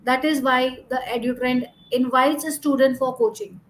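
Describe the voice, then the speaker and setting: A woman's voice: high voice, fairly even intonation, moderate pace, a little hiss or hum, rough recording. A woman exam coach teaching a lesson over slides, speaking in an instructive way, repeating her points and using "you know" as a filler.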